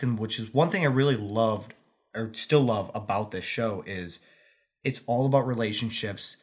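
A man with a middle-pitched voice talks through a casual review chat. He sounds earnest and thoughtful, and his voice softens and drops as he finishes each thought. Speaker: co-host.

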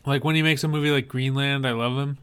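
A man's voice: mid-range voice, steady tone, fast talker, fairly bright tone, clear, resonant tone. A man co-hosting a podcast, chatting casually about movie trailers and explaining details with frequent restarts. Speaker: podcast co-host.

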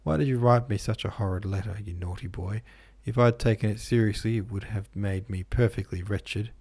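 A man reading the part of a hurt young woman pleading with the man she loves, in a soft, earnest voice. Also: on the low side, fairly quick, breathy edge.

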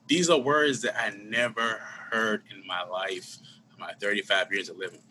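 Man guest, low voice with a very bright edge, candid and slangy, faint room noise. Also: moderate pace. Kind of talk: casual conversation, personal storytelling.

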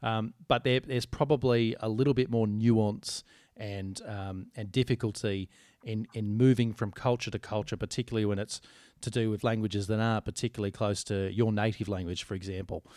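A man with an Australian accent co-hosting a podcast, chatting in a relaxed, rambling way with dry humour. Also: lowish voice, moderate pace, no echo. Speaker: podcast co-host. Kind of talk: casual chat.

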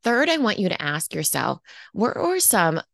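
A woman's voice: mid-range voice, big pitch swings, normal speed, vocal fry, no room sound, clean studio sound. A woman hosting a podcast, casually walking listeners through reflection prompts for their business, talking in a loose, conversational way. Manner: casual and conversational, lots of "like" and "okay". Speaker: podcast host and business coach.

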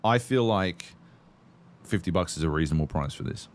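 A man's voice: low-pitched, animated, normal speed. A man co-hosting a podcast, chatting casually about games while swearing constantly and rambling through stories. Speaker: podcast co-host. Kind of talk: casual gaming chat.

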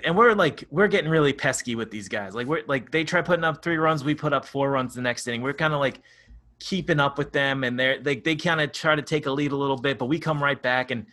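A man's voice: medium pitch, pushed and bright. A man co-hosting a podcast in casual chat, telling rambling stories with frequent laughs and swearing. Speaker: podcast co-host.

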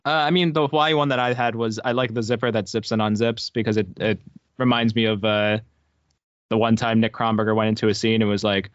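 A man's voice: lowish voice, flat delivery, a little fast, dry recording, highs cut off. A man from Philadelphia with a Philly accent, a podcast guest telling playful stories. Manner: storytelling, playful. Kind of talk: casual chat.

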